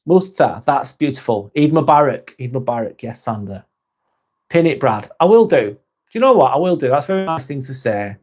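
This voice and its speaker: A man's voice: medium pitch, sing-song, a little fast, darkish tone, faint music behind. A man hosting a casual live vlog, reading viewer comments aloud and chatting with them, swearing casually. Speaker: live stream host reading chat.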